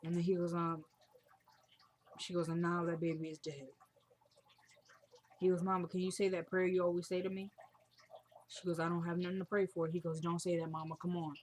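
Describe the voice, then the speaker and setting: A woman's voice: fairly low pitch, flat delivery, brisk, pauses often, a little mellow, slight background noise. A woman casually retelling a TV episode scene by scene, quoting each character's lines in her own voice. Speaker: TV show recapper.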